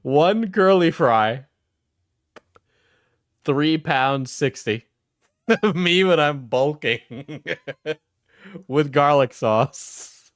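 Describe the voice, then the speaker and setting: Man streamer, slow chuckling reaction talk, dry close sound, mid pitch. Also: expressive, no room sound. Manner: laughs often, halting restarts. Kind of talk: casual reaction stream commentary.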